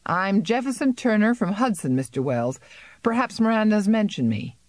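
A woman's voice: medium pitch, animated, normal speed, darkish tone, dry recording, pitched above the performer's own voice, lightly acted. A woman voicing a friendly, good-humored young country doctor who talks easily and cheerfully, in an audiobook. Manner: easygoing, cheerful.

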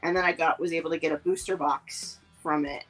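A woman with a fairly low voice chats casually on a podcast, rambling through her story with plenty of fillers and restarts. Faint music plays behind her. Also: fairly even intonation, a little fast, rough recording. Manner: rambling, filler-heavy, lots of "like" and "um". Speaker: podcast co-host. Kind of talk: casual chat.

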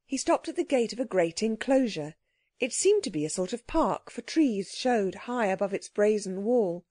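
A woman narrating a children's audiobook in a clear, gently expressive storytelling manner. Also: mid-range voice, moderate pace, dry recording, studio quality.

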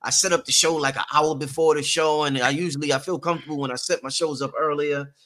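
A man's voice: fairly high pitch, fairly even intonation, quick pace, pushed and bright. A man hosting a casual chat, easygoing and slangy, a little tired. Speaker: host.

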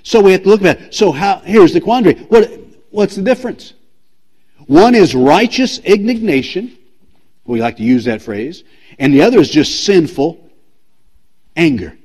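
A man's voice: high-pitched, very animated, normal speed, long pauses, darkish tone, breathy edge. A man preaching a sermon as pastor, emphatic and repetitive, asking the congregation direct questions. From United States.

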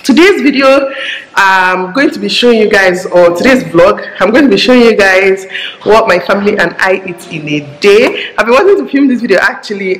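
A woman's voice: medium pitch, fairly bright tone. A woman with a Nigerian accent chatting casually to her viewers in a home vlog, talkative and joking. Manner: chatty, joking, talks fast and a lot. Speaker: mom vlogger. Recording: echoey room with faint background noise.

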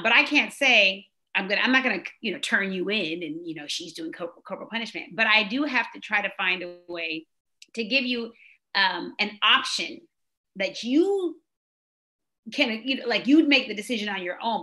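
Bright, lively woman host telling stories. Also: medium pitch. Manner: animated storyteller, acts out quoted exchanges. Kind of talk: casual conversation on parenting.

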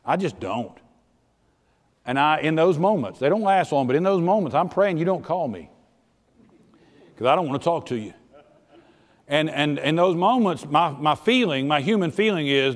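Folksy pastor preaching. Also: male voice, a little high, lively intonation, moderate pace. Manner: folksy, plainspoken, earnest, swings from soft to loud. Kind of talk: sermon. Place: church sanctuary. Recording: church sanctuary with long reverb.

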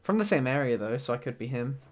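A man's voice: medium pitch, lively intonation, quick pace, darkish tone. A man chatting casually, teasing his friend with dry banter. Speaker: streamer's friend. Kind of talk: casual chat.

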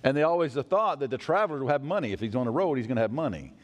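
A male pastor preaching a sermon in a church, animated and acting out the voices of people in the story. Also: mid-range voice, racing, lo-fi sound. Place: church sanctuary. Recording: long church hall reverb.

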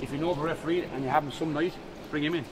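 A man runs a hurling drill, firing off quick short instructions and praise. His voice sits a little high, and the echoey hall carries it over loud background noise. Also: fairly even intonation. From Ireland. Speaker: hurling coach. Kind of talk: outdoor coaching drill then Q&A.

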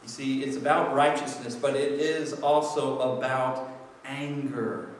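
A man's voice: mid-range voice, steady tone, unhurried, a little hiss or hum. A man preaching a sermon as pastor, conversational and jokey, acting out people's excuses. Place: church sanctuary. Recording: echoey church hall from far off.

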